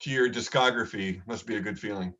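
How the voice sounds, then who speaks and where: A man's voice: lowish voice, fairly quick, pushed and bright. A man hosting a music interview, talking eagerly and heaping praise on his guest. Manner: enthusiastic, effusive praise. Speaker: interview host. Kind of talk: casual interview.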